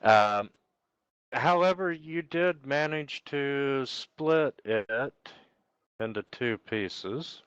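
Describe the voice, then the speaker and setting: A man running an online tabletop game as game master, unhurried and thinking aloud as he checks the rules. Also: medium pitch, lively intonation, fairly bright tone, smooth, dry recording, lo-fi sound.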